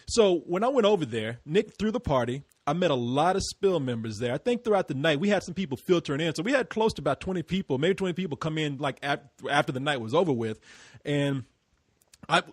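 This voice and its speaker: An American man hosting a casual group podcast, loud, laughing and swearing freely. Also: on the high side, expressive, brisk, no room sound. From United States. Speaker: podcast host.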